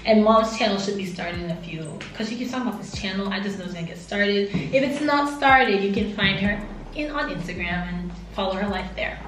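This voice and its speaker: A young woman hosting a casual quiz chat, lively and quick, laughing often. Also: mid-range voice. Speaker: host. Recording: echoey room from far off, noisy.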